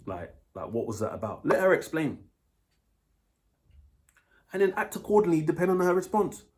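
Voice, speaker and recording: A man's voice: fairly high pitch, very animated, moderate pace, long pauses. A man with a British accent, giving blunt dating advice in a casual monologue, swearing freely and checking in with his listener.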